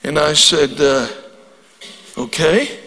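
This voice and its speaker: A man's voice: fairly high pitch, slow pace, fairly bright tone. An older man preaching as a guest speaker, telling stories and rising into fervent prayer. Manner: storytelling, rises to fervent prayer. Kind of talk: sermon. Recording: long reverb of a large hall.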